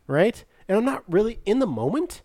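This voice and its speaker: A man co-hosting a podcast in casual chat, agreeable and quick to say yeah. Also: sits high, very animated, warm tone, dry recording, clean studio sound. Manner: agreeable, many yeahs. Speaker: podcast co-host.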